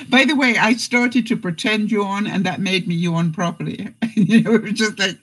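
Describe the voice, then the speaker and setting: A woman's voice: medium pitch, unhurried, husky, poor audio. A woman hosting a casual live stream, reading out jokes and viewer comments and laughing often.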